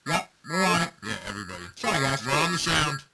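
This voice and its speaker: A man's voice: a little high, very animated, fast, creaky, heavy background noise. A man co-hosting a casual beer podcast, joking and running himself down. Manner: jokey, self-deprecating banter. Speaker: podcast co-host.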